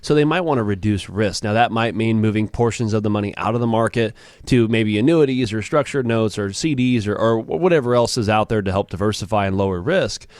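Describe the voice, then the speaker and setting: A man's voice: on the low side, brisk, few pauses, dry recording, clean studio sound. A man working as a financial advisor, chatting casually on a radio show with plenty of fillers and restarts. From Southern California. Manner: relaxed, with frequent fillers and restarts.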